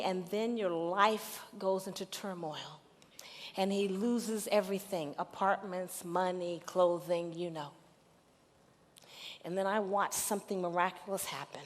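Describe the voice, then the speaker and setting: A middle-aged woman pastor preaching a sermon, moving from hushed storytelling to loud, emphatic call-and-response peaks. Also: medium pitch. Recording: reverberant hall recording.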